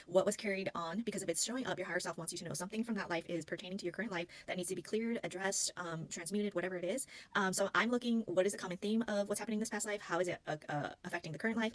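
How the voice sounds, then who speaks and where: A woman's voice: fairly low pitch, a bit bright, no room sound, low-quality recording. A woman who works as a spiritual healing practitioner, telling a personal story in an earnest, rambling way and often searching for words. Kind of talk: casual personal storytelling to camera.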